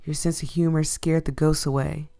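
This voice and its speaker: A woman's voice: low voice, little pitch movement, normal speed, gravelly, warm tone. A woman voicing a grumpy, brooding young male ghost-catcher in a visual novel, curt and dry. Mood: irritated.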